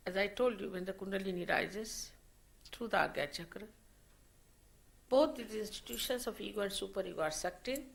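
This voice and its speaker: A woman giving a slow, deliberate spiritual lecture, in a 1990 archive recording. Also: medium pitch, gravelly. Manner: slow, deliberate teaching with rising emphasis. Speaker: spiritual teacher.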